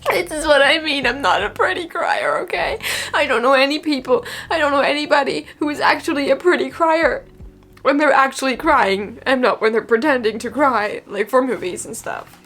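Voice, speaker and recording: Book vlogger: woman, high bright-toned voice, chatty and theatrical, faint music underneath. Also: normal speed. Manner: chatty and dramatic, often tearful. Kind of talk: casual chat to camera. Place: her bedroom.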